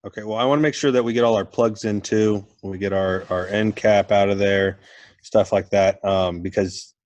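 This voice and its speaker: A man's voice: lowish voice, steady tone, normal speed, darkish tone, no echo, muffled recording. A man hosting a casual podcast chat, laid-back and steering the show toward its wrap-up. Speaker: podcast host.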